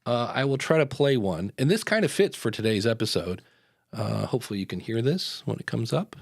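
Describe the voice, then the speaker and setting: A man's voice: mid-range voice, expressive, a little fast, vocal fry, very noisy. A man hosting a live podcast in casual chat, rambling into tangents with lots of fillers. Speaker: podcast host.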